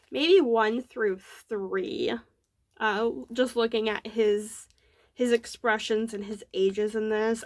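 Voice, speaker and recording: A young woman hosting a casual crafting show-and-tell, bubbly and gushing, rambling with lots of fillers. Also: fairly high pitch. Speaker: knitting podcast host.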